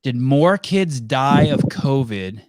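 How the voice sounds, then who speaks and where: A man's voice: medium pitch, expressive, slow pace, no echo, clean studio sound. A man hosting a live call-in podcast, joking and teasing callers in casual, rambling banter. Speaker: podcast host.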